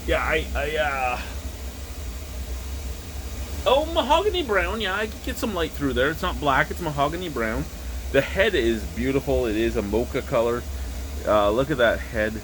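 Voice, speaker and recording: A man's voice: medium pitch, moderate pace, fairly bright tone, slight background noise. A man reviewing beer on camera in a casual, crude and joking way, recorded indoors at home.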